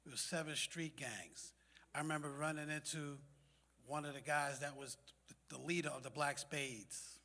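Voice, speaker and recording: A man with a slightly high voice tells a streetwise personal story to a gathered group. His words ring out with a long reverb from the hall. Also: fairly even intonation, moderate pace, sharp tone. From South Bronx, New York. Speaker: community meeting speaker.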